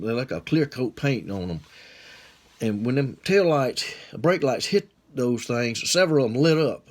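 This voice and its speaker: A man's voice: medium pitch, a little mellow. A man with a Southern accent telling a rambling, folksy story in a drawling, colloquial way.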